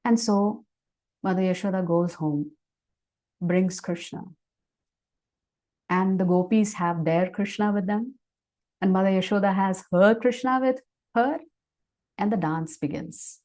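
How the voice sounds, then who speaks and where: Brief: woman devotional speaker on a video call, mellow tone, animated storytelling. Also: medium pitch. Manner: animated storytelling, then slower reflective teaching. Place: online class session.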